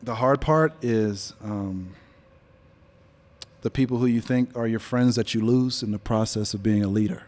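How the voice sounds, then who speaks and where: A man in his forties, a business leader speaking before a live audience in an on-stage interview, telling stories in a relaxed, conversational way and getting animated when he quotes other people. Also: fairly low pitch, normal speed. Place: event venue before an audience.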